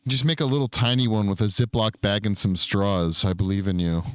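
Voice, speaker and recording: A man hosts a relaxed livestream, talking straight into a close microphone with a low, smooth voice. He reads chat aloud and chats back loosely, swearing now and then. The sound is dry and close. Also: fairly quick, no room sound. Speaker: streamer.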